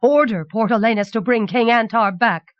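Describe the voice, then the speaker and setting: A woman's voice: fairly high pitch, normal speed, dry recording, dull audio, voice pushed up, close to an everyday voice. A woman voicing a young queen who commands and threatens in a raised, imperious voice. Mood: commanding.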